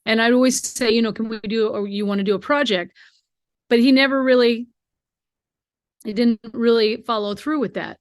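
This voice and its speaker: Speaking with a slightly high, steady tone, a middle-aged American bluegrass singer takes long pauses at a moderate pace. As an interview guest on a remote call, she tells heartfelt, emotional stories and acts out quoted dialogue, captured in clean studio sound without room noise.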